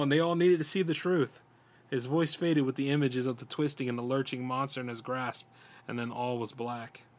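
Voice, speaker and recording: Guy narrating a horror story for his podcast, steady, trips on words now and then. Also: mid-range voice. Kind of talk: dramatic horror story reading.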